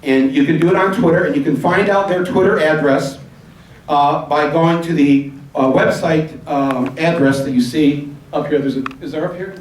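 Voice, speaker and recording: Man hosting town hall, slightly high voice, echoey hall, far from mic, rambling and urging. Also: slight background noise. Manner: rambling, urging, spells out addresses slowly. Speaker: event host. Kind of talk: addressing a live town hall audience. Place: large hall with audience.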